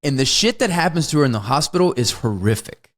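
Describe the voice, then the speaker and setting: Male podcast co-host, mid-pitched, animated delivery, swerves into acted movie lines. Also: fast talker. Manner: animated, acts out movie lines in big shifting voices. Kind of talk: casual film discussion.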